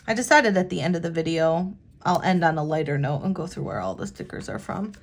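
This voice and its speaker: A woman from the United States chatting casually while decorating her planner, talking in a halting, hesitant way with sighs and restarts, sincere and heartfelt. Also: on the low side, slight background noise. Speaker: planner vlogger.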